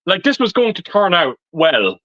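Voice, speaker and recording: A man's voice: high-pitched, sing-song, normal speed, a bit bright, no room sound. A man on a live stream film chat, grumbling sarcastically and swearing about a movie that disappointed him. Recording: dry, muffled stream audio.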